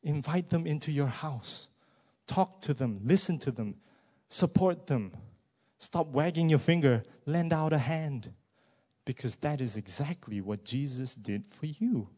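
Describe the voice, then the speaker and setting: An unhurried man with a slightly high voice preaches, asking many rhetorical questions. His sermon drifts from hushed words into loud, rising emphasis and back.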